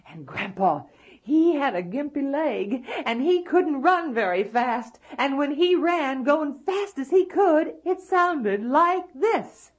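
A woman telling a folktale aloud, animated, with hushed, drawn-out endings. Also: high-pitched, dull audio. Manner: animated, dropping to hushed asides. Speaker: storyteller. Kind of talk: folktale storytelling.

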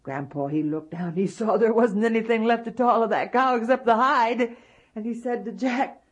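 A woman telling a folktale aloud, animated, with hushed, drawn-out endings. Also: fairly high pitch, slightly rough. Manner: animated, dropping to hushed asides. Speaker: storyteller. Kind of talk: folktale storytelling.

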